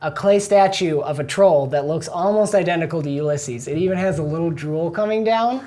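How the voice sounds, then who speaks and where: Lively woman running a tabletop game. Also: low voice, a little fast, a crowd in the background. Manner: lively, laughs often. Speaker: game master.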